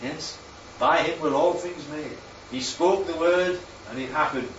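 This sermon comes from a male preacher with a high-leaning voice, slightly raised and unhurried yet lively. He keeps prompting the room, dropping "Right?" and "Yeah?" throughout. A little hiss or hum joins the distant, dull, echoey recording and its faint ambience.

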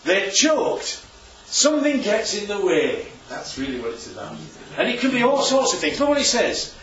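A preacher with a high, very animated voice and a slightly bright tone teaches the Bible to a small church group at a normal pace. He keeps firing questions at them and tossing in jokes. The room recording is roomy, distant, dull and lo-fi.

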